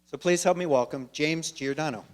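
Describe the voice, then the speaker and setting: A man's voice: a little high, normal speed. A man hosting an event who introduces a lecture speaker, reading off credentials with the odd filler. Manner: reads off credentials with small fillers. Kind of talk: formal introduction.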